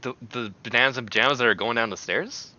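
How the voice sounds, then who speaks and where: A man streaming and chatting casually, in an animated, rambling way that often breaks into exclamations. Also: medium pitch, fast, muffled recording.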